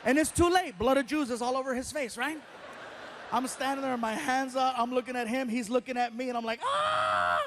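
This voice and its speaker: A middle-aged man performing stand-up on a theater stage, telling a story with lively acted-out voices and loud yelps. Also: a little fast, a little hiss or hum. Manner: animated, acts out characters with loud high yelps. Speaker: stand-up comedian.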